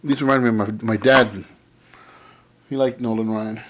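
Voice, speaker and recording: A comic and card collector vlogger casually shows off a haul of collectibles, rambling enthusiastically and repeating how awesome everything is. His voice is on the low side, steady and fairly bright, at a moderate pace.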